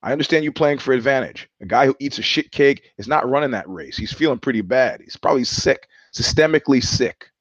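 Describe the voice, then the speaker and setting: Speaking briskly with lively intonation and few pauses, this mid-range male voice carries a solo live-stream monologue on his own show. He rambles wryly and laughs often; the audio has no room sound but comes across slightly dull.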